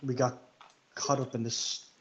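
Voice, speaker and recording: A man's voice: mid-range voice, level tone, measured pace, natural voice. A man voicing a blunt, dismissive young male traveller in a tabletop game. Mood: grumbling. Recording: lo-fi with faint noise.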